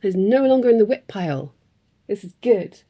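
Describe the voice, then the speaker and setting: A woman's voice: medium pitch, animated, moderate pace, mellow. A woman in a casual craft vlog, chatting in a rambling way with frequent ums and little laughs. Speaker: craft vlogger. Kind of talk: casual chat.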